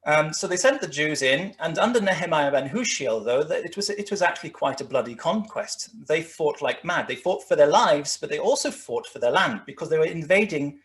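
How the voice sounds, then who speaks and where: A man's voice: fairly high pitch, animated, a little fast, few pauses, fairly bright tone. A man lecturing on history over slides, with many fillers and restarts as he talks. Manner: rambling, frequent restarts and fillers. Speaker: guest lecturer.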